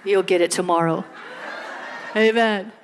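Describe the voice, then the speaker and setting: A woman preacher delivering an animated sermon full of playful storytelling. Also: medium pitch, unhurried, some chatter behind, slight background noise.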